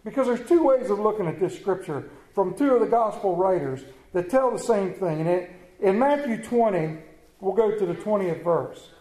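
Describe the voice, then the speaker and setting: A man's voice: sits high, lively intonation, normal speed, mellow. A man from Maryland preaching a sermon as pastor, telling stories with self-mocking humor. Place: church sanctuary. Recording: echoey church room.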